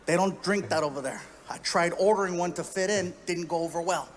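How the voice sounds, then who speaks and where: A man telling a story on stage in stand-up, animated and acting out other people's voices. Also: sits high, brisk. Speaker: stand-up comedian.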